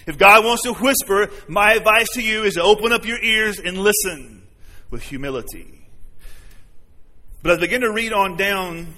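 Long hall reverb surrounds a pastor preaching in a church sanctuary. Earnest and conversational, he often questions his congregation, speaking at normal speed in a high, sharp-toned voice.

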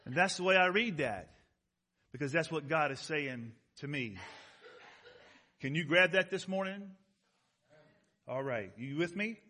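A male pastor preaching a sermon, emphatic, asking his congregation questions and swinging from loud stressed words to soft, close remarks. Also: fairly high pitch, expressive, a little slow, pauses often. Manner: rises loud on key words, drops soft and intimate.

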